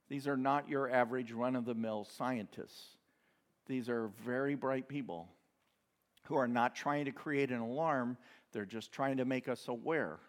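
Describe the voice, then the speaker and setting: A man preaching a sermon in a conversational way, with asides and light laughter. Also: mid-range voice. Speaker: pastor.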